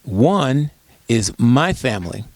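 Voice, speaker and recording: A man's voice: medium pitch, big pitch swings, slow, no room sound. A man speaking as a guest in an interview, telling stories emphatically and asking rhetorical questions. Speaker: guest, disaster preparedness expert. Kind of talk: conversational interview.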